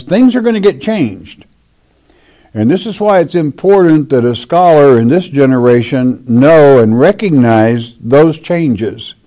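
Guy preaching slow, dark mellow tone, leans hard on his points. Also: medium pitch. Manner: emphatic, deliberate preaching. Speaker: Bible teacher. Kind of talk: sermon with scripture reading.

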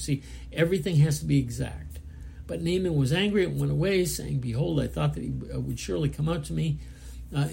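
A male preacher reads scripture aloud and breaks off to explain it in a casual, halting way. His voice is heavily gravelly with a warm, mellow tone, and there is a faint hiss behind him. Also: on the high side. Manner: casual, halting explanation with fillers between readings. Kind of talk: Bible study sermon, reading scripture and commenting.

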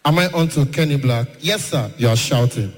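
A man putting on the voice of a wealthy, haughty caller who speaks slowly and condescendingly. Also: natural voice. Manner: slow, deep, condescending. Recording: echoey hall, faint noise.

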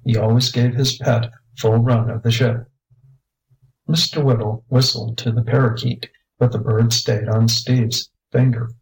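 Give me a man with a gravelly voice narrating a children's story in a steady way. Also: medium pitch, measured pace, poor audio. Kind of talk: reading a children's story aloud.

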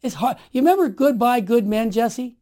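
A man in his sixties telling stories in conversation, emphatic and animated, dropping to quiet asides and rising to forceful exhortations. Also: very high voice, moderate pace. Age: 60s. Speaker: guest. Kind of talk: storytelling in conversation.

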